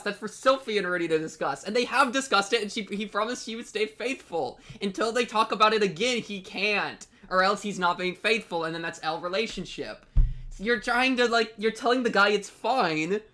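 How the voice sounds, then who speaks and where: A young man hosting an anime reaction video, ranting in an exasperated, rambling way, with many restarts and sudden leaps up in pitch. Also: bright, forceful tone. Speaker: anime reaction channel host. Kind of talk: animated reaction commentary.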